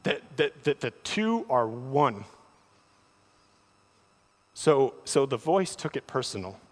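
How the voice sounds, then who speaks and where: A man preaching a sermon, often repeating words as he starts a thought, with animated delivery. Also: medium pitch, slow. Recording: long hall reverb.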